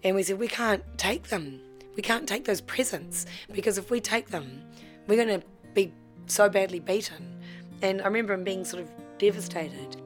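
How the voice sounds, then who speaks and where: A woman's voice: mid-range voice, lively intonation, soft background music. Woman recounting her own story. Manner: candid, heartfelt recounting with halting restarts. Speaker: guest telling her life story. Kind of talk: personal storytelling.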